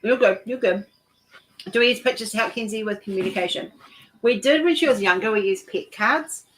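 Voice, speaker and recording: A woman's voice: fairly high pitch, a little fast, rough recording. A woman hosting a casual chat while she works on a craft, talking in a rambling way with many restarts, nauseous. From New Zealand. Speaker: host of a craft chat stream.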